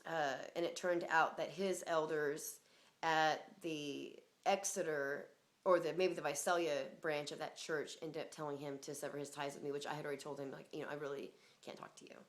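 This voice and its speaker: A woman's voice: low-pitched, fairly even intonation, normal speed. A woman telling a personal story in a rambling, casual way, full of fillers, swearing and laughter.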